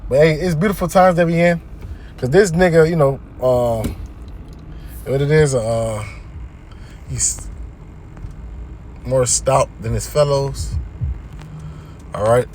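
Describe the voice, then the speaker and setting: A man's voice: medium pitch, slow, pauses often, darkish tone, slight background noise. A man teaching scripture in a casual preaching style, reading verses aloud and explaining them in plain talk while often checking in with his listeners. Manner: conversational, keeps checking in with listeners.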